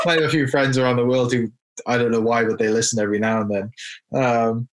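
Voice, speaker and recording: A man hosting a podcast interview, asking questions haltingly with many restarts. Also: mid-range voice, steady tone, rough recording. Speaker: podcast host. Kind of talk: casual interview chat.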